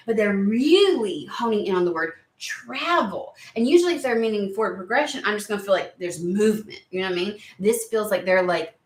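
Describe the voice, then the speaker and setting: A woman chatting excitedly and rambling on tangents during a spiritual card reading video. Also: medium pitch. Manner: excitable, rambling, lots of exclamations. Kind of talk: casual chatty reading vlog. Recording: roomy echo.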